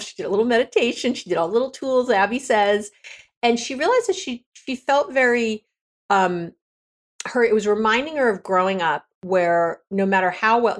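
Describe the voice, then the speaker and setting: A woman relationship coach talking candidly on a podcast, conversational and quick to correct herself. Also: medium pitch. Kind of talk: podcast monologue.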